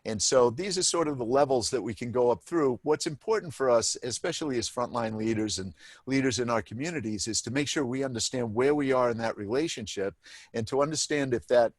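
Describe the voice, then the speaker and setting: A man co-presenting a webinar workshop, explaining things in a measured way with small restarts. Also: medium pitch, dry recording.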